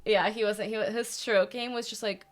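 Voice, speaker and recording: A woman in her twenties talks as a podcast guest in a loose, giggly way, leaning on "like" as she goes. Her voice sits at a middle pitch for a woman, neither high nor low. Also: steady tone, normal speed, a loud crowd. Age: 20s. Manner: chatty, giggly, lots of "like". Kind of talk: casual chat.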